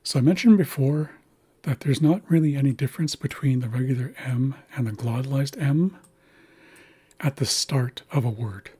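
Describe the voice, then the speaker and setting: A man teaching a language lesson, patiently walking through pronunciation and repeating example words slowly. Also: medium pitch, dark tone. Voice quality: very breathy, husky. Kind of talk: slow instructional walkthrough.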